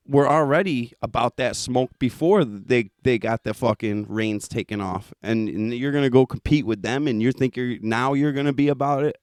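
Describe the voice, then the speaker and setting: A man's voice: mid-range voice, a little mellow, no room sound, studio quality. A man hosting his own podcast, ranting bluntly and mockingly in a casual, heavily profane monologue. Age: adult with children. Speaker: podcast host.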